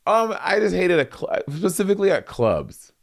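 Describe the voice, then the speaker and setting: A man in his thirties co-hosting a casual podcast, chatty and animated, laughing often. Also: sits high, moderate pace, vocal fry. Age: 30s. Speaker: podcast co-host. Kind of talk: casual chat.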